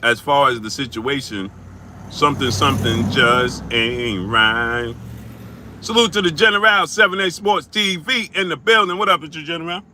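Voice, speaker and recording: Chewing as he speaks, the host uses a bright, forceful voice on the high side at a moderate pace, with a little hiss or hum in the audio. He works through viewer shout-outs and super chats in relaxed, slangy live-stream chat.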